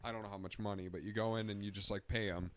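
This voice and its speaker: A man's voice: on the low side, fairly even intonation, no echo. A man joking crudely in a loose casual chat with friends. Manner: crude joking banter, quick asides.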